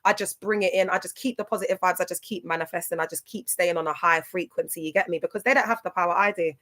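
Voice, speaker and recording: A woman's voice: lowish voice, quick pace, fairly bright tone. A woman hosting a casual livestream, talking emphatically and repeating herself, tearful at times. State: tearful in places. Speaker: livestream host.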